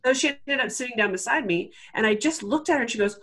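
A woman's voice: fairly high pitch, lively intonation, fast, a bit bright. Chatty woman telling a personal story. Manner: chatty, full of "like" fillers, acts out her own past words. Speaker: interview guest.

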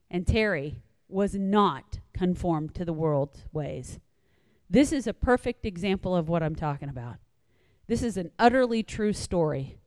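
A woman's voice: medium pitch, no room sound, long reverb tail. A woman telling a personal story in a sermon-like devotional talk, acting out quoted lines and repeating points for emphasis. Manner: animated retelling with quoted asides, emphatic repetition.

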